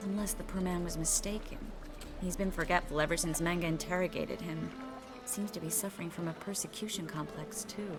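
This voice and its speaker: An actress playing a witty, teasing sorceress in a video game. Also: female voice, on the low side, fairly even intonation, music in the background, natural voice. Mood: musing. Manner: teasing and quick.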